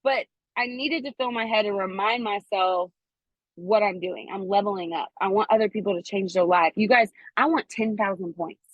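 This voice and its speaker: A woman giving a chatty, animated motivational talk to her team, acting out quoted dialogue. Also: medium pitch, normal speed, dry recording, highs cut off. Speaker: network marketing team leader speaking to her team.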